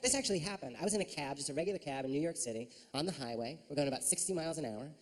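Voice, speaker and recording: A woman doing a stand-up comedy set, telling a story with lively acted-out voices. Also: deep voice, racing.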